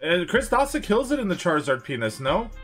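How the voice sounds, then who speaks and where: A man with a high, lively voice that swings up and down, teasing and playing up the drama in casual banter. Faint music sits behind him. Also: fairly quick.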